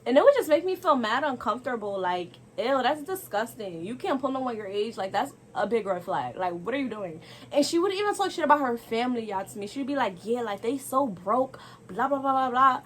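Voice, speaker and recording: A young woman telling a casual storytime to camera, animated and exasperated, throwing rhetorical asides to viewers. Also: fairly high pitch, fairly quick, slight background noise.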